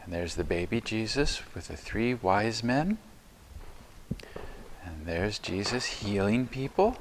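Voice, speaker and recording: Chaplain, male, unhurried, gentle and encouraging with preschoolers, inside a church. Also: lowish voice, very animated, slight background noise. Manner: gentle, encouraging, simple words. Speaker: chaplain leading children's chapel. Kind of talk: talking to preschool children on a tour.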